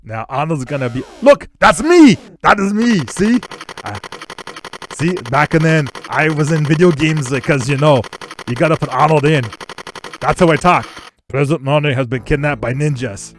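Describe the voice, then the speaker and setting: A man's voice: on the high side, expressive, normal speed, a little hiss or hum, lightly acted. A man doing an impression of a bragging muscleman action-star governor with a put-on Austrian-German accent, on a gaming stream. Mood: pumped. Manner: boastful, heavy-accented, punchy phrasing.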